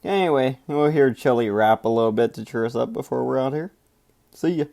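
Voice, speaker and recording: A man's voice: mid-range voice, brisk, vocal fry, a little mellow. A man hosting a show who comments in a laid-back, rambling way and hedges often. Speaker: show host. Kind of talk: casual commentary.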